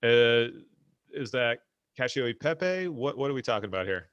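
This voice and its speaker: A man's voice: mid-range voice, very animated, moderate pace, fairly bright tone, smooth, dry recording, highs cut off. Dry-sounding male podcast host. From United States. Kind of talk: casual interview chat.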